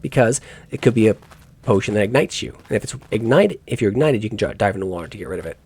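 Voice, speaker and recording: A low, husky man talking through a game he is playing. His pitch bounces around a lot as he rambles through asides and corrects himself mid-thought. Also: expressive, fast talker, a little mellow. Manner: musing aloud, rambling asides with self-corrections. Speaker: gaming YouTuber. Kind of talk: let's play commentary.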